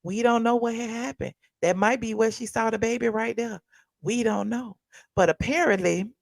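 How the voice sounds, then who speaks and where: Woman chatting on her channel, gravelly, dry close sound, talks back to the chat. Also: mid-range voice, darkish tone, dry recording. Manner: chatty, reacting to chat and video. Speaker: host of a pop culture commentary channel. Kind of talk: casual live commentary.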